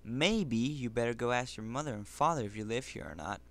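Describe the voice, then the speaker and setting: A man's voice: medium pitch, fairly quick, a bit bright, lightly acted. A man doing a skeptical schoolgirl. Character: suspicious but friendly schoolgirl, sharp-tongued.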